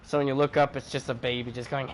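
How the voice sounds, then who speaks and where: A man chatting casually while streaming a game, animated and joking, swearing freely. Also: medium pitch, a little hiss or hum. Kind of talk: casual gaming chat.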